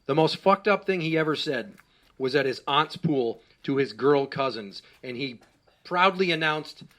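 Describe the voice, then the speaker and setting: Brash, bright-voiced man doing stand-up. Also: fairly high pitch, animated, a little slow. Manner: profane, exasperated storytelling, voices his young son. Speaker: stand-up comedian. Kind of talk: stand-up comedy set. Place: small comedy stage before a live audience. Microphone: handheld microphone.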